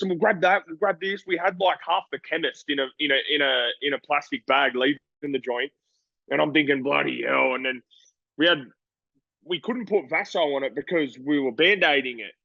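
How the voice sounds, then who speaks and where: A man's voice: a little high, dry recording, lo-fi sound. A young Australian man, a boxer, talking casually in an interview, rambling and acting out voices as he tells stories. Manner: rambling, animated storytelling with voices.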